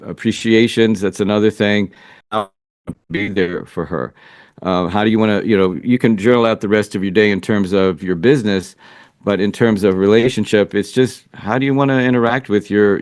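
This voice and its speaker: A man with a fairly low-pitched voice talks as a relationship coach for men. He gives interview answers in an earnest, reflective way and seems to work his thoughts out as he speaks. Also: smooth, no echo, clean studio sound. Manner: earnest and reflective, thinking aloud. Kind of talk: interview answers, casual advice.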